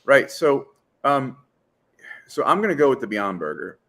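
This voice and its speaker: A man's voice: mid-range voice, big pitch swings, normal speed, a bit bright. A man in casual podcast chat who rambles, with many fillers and "right?" tags. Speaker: podcast co-host.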